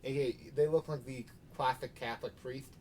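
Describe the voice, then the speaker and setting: A man's voice: mid-range voice, fairly even intonation, brisk, a little mellow, a little hiss or hum. A man narrating as game master in a casual, loose way.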